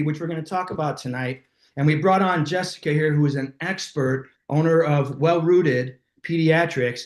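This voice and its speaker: A man hosting a live talk, telling stories in a lively, casual way and slipping into voices for the people in them. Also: on the high side, reverberant. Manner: animated, acts out voices in his stories. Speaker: host. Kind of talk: casual storytelling to a live online audience.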